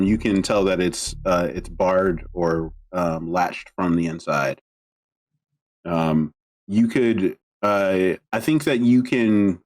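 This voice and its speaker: A man running a tabletop game as dungeon master, narrating hesitantly with many fillers and restarts. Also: deep voice.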